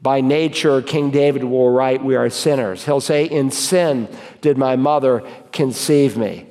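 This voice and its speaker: A man, a pastor, preaching an emphatic sermon and reading scripture slowly and deliberately. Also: mid-range voice, darkish tone. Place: church sanctuary. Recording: long reverb of a church hall.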